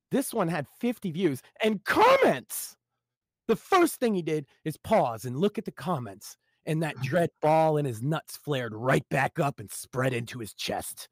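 A man's voice: a little high, no room sound. A man reading his own short story aloud live on a stream, in a dramatic, wry storytelling manner.

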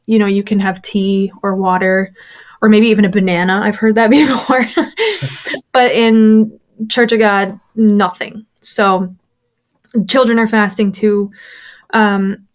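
A woman being interviewed, telling a personal story candidly with lots of fillers, acting out the voices of people she quotes. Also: mid-range voice. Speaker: interview guest, former church member.

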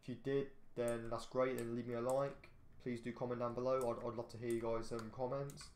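A man's voice: mid-range voice, flat delivery, a little mellow. A teenage boy rambling through casual gameplay commentary, repeating himself and grumbling at other drivers. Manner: rambling, repeats himself, quick outbursts at traffic. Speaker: gaming channel host. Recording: roomy echo, faint background noise.

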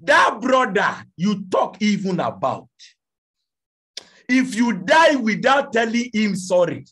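A man preaching a fiery sermon, shouting and pleading, firing questions at his congregation. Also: high-pitched, very animated, slow pace, slightly rough.

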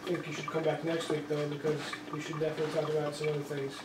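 A young man playing a therapist in a student short film, talking in a halting way with many ums, recorded far off in an echoey, noisy room. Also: a little high, monotone. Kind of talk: amateur short film acting.

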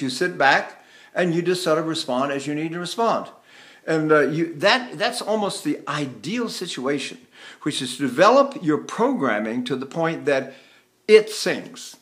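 An older man teaching voice, his speaking tone sitting a little high for a man. He talks in a relaxed, folksy manner and keeps stopping to hum or sing short syllables to show what he means. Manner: demonstrates hums and sung syllables mid-explanation; chatty, folksy asides. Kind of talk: vocal lesson with demonstrations.

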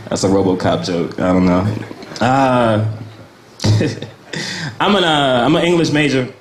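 A man's voice: medium pitch, a little slow, slight background noise. A young American man doing a laid-back, rambling stand-up set at an open mic, often laughing at his own jokes. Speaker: stand-up comedian. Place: small cafe comedy night. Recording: echoey room.

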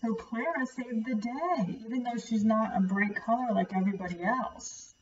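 A woman reading a picture book aloud to a child, gently pointing out and explaining the pictures. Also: a little high, moderate pace, recorded from a distance, lo-fi sound, slight background noise. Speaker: storyteller.

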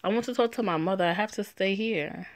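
A woman's voice: medium pitch, fairly quick, dry recording, natural voice. A woman voicing a young heroine who is earnest and bewildered, read aloud plainly from a story game. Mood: yearning. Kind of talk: reading game dialogue aloud.

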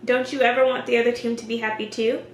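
A woman's voice: a little high, flat delivery, quick pace, roomy sound, slight background noise, natural voice, rough recording. A woman reading the lines of a cheerful, dreamy teenage girl in a light, breezy way.

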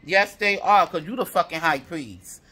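A man's voice: a little high, normal speed, bright, forceful tone, breathy edge. A man giving a tarot reading to viewers, heated and profane, piling up repeated affirmations. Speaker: tarot reader.

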